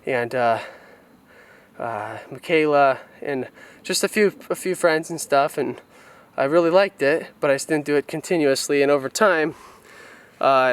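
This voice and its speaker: A man's voice: fairly high pitch, smooth. A young man from California, vlogging outdoors and recalling his past in a candid, reflective way on a handheld camera mic. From California, USA. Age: young adult. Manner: reflective, open and unguarded. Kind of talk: candid personal storytelling. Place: outdoors on a rural family property. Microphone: camera mic on a handheld tripod.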